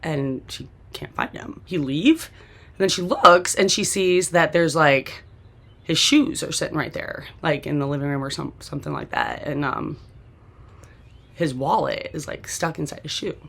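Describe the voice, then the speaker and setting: A woman's voice: deep voice, normal speed, a bit bright. A woman host telling a personal story from memory in a rambling, casual way, with constant "like" and frequent restarts. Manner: rambling, heavy use of "like", restarts, occasional swearing.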